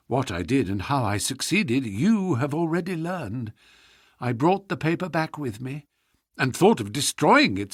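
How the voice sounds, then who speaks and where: A man reading the part of an anxious young noblewoman confessing, in a hushed, urgent storybook voice. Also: medium pitch, no echo, studio quality. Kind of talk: audiobook character voice.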